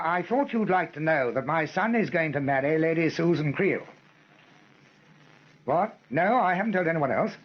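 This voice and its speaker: An actor playing an eccentric older aristocratic lord, genial and teasing on the telephone. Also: male voice, a little high, highs cut off. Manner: plummy, teasing, genteel.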